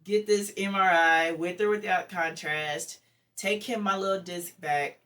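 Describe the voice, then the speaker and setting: Brief: woman guest, lively storyteller, slightly low voice, heard from a little distance. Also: measured pace. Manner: lively storyteller who acts out quoted dialogue. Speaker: interview guest. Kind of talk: casual personal storytelling. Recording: distant mic with faint background noise.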